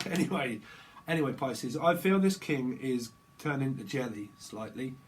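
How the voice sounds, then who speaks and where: A man's voice: medium pitch, expressive, measured pace, a little hiss or hum. A man giving a jokey, rambling tarot reading, drifting between silly asides. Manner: jokey and rambling, slips into silly voices and snatches of song. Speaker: tarot reader.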